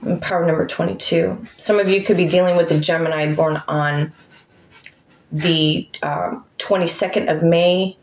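A woman's voice: lowish voice, fairly even intonation, moderate pace, darkish tone. A woman giving a chatty tarot reading to her viewers, musing aloud over each card. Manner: chatty, talks to her dog between cards. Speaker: tarot reader. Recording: echoey room.

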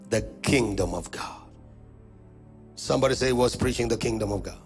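Fairly quick but pausing often, a man with a Kenyan accent gives a sermon at a church conference, calling to the congregation and leading call-and-response. His tone is darkish, and his booming preaching lurches suddenly in pitch and volume. Faint music can be heard behind him.

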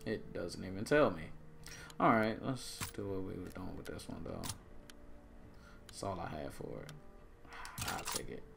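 A man giving casual, joking commentary while playing a shooter game, with sudden loud bursts of excitement. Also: deep voice, a little slow, creaky, long pauses, background noise. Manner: joking, loose and self-mocking. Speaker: gamer.

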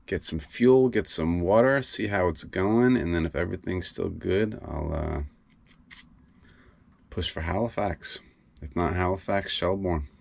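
A young man vlogging casually aboard his small sailboat, swearing freely with bursts of excitement. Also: low voice, vocal fry, no room sound. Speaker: solo sailor vlogger. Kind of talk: casual vlog narration. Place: aboard a small sailboat, engine bay and open deck. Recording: noisy outdoor boat audio.

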